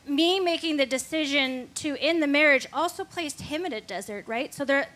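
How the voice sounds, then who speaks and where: Woman guest on a christian talk show, earnest and candid, kinda high voice. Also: sharp tone. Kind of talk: personal faith testimony.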